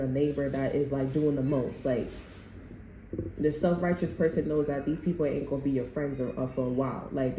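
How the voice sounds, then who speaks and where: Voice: medium pitch, dark tone. A tarot reader giving a casual reading to viewers, talking loosely with slang and swearing and often restarting sentences. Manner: loose, slangy and profane, rambling with many restarts. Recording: echoey room with faint noise.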